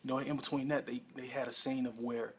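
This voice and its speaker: Rambling, excitable man reviewing a TV episode. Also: medium pitch, fairly quick, husky. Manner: excitable, rambling, frequent fillers and self-corrections. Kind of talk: casual spoken review. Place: home room with a pet nearby.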